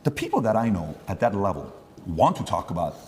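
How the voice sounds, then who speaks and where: A man hosting a podcast, telling quick stories and acting out the conversations he quotes. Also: deep voice, very animated, big-room sound, slight background noise. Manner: rapid storytelling, acting out quoted exchanges. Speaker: podcast host. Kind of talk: casual interview talk.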